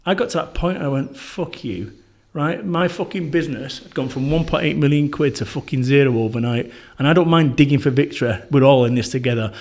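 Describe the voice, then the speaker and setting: A middle-aged man with a Northern English accent, a podcast guest telling stories in a blunt, swearing, animated way. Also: mid-range voice, fast talker, few pauses. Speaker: podcast guest, motivational speaker. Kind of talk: casual conversational interview.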